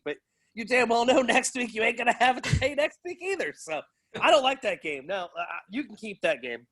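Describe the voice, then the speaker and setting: A man's voice: very high voice, animated, a little fast, fairly bright tone. A man, a guest on a podcast, talking candidly in casual chat and often laughing at himself.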